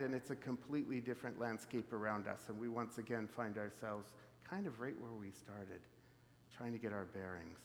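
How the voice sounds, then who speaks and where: A man from the prairies preaching a sermon in an easy, reflective, conversational way with many fillers. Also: medium pitch. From Canadian prairies. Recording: reverberant hall.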